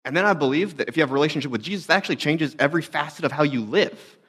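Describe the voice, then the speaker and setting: A man's voice: fairly high pitch, expressive, racing, a bit bright, husky. A young adult man, a pastor, telling stories in a conversational, self-deprecating sermon talk.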